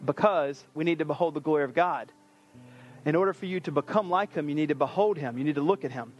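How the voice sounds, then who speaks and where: High-voiced man preaching with energy. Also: fast, lo-fi sound. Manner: energetic, conversational, animated preaching. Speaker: pastor. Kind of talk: sermon.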